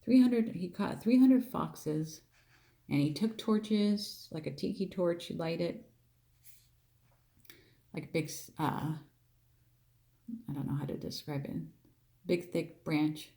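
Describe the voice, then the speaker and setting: A woman's voice: on the low side, slow, vocal fry, long pauses, mellow. A woman teaching a Bible story, reading verses and chatting through them with restarts, repeating phrases and acting out the figures' lines with emphatic lifts. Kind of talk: casual Bible reading and explanation.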